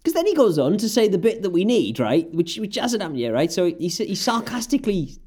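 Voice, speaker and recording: A man's voice: sits high, big pitch swings, brisk, darkish tone. A man recapping wrestling in casual podcast chat, sarcastic and often laughing. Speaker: podcast co-host.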